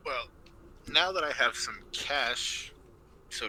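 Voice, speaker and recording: A hesitant man taking his turn at a tabletop game. His voice is low but very bright and sharp. A faint hiss and keyboard typing sit behind it. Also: animated, slow pace, pauses often, low-quality recording. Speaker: player.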